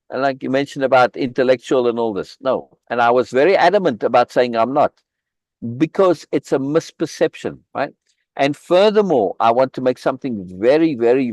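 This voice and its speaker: A man leads a live reading over a video call, commenting on the text. His pitch sits in the middle range. He speaks emphatically, restarts phrases and repeats words for stress, and the sound is dry and close with no room echo. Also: darkish tone. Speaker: reading group leader.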